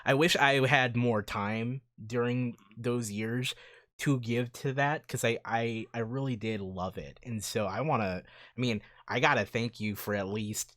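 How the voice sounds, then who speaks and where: A podcast guest with a mid-pitched voice reminisces casually with an old college friend. He sounds eager and rambles, packing his talk with "like" and "dude". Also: unhurried, a bit bright. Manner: enthusiastic, rambling with many "like" and "dude".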